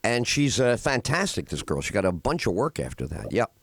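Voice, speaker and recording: A man hosting a radio talk show, telling film scenes with animated delivery. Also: lowish voice, brisk, slightly rough, no room sound. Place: radio studio.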